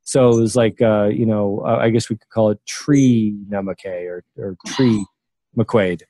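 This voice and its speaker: A man's voice: lowish voice, steady tone, a little slow, mellow, no room sound. A man in his sixties, a memory expert guest, talking casually in an interview with many fillers and restarts.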